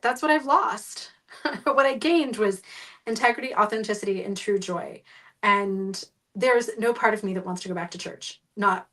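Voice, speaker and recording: A woman's voice: medium pitch, fairly bright tone, far from the mic. Blunt sarcastic woman, slightly off-mic. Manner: blunt, sarcastic, swears freely. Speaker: podcast host. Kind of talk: casual podcast chat.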